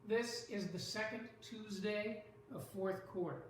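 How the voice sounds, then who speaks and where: A teacher giving a lesson on poetry, speaking slowly and deliberately and sounding out stressed syllables. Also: medium pitch, fairly even intonation, a little hiss or hum. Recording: echoey room from far off.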